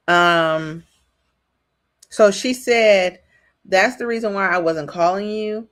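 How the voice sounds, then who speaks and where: A woman hosting a casual reality TV commentary, rambling with frequent ums and restarts. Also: on the low side.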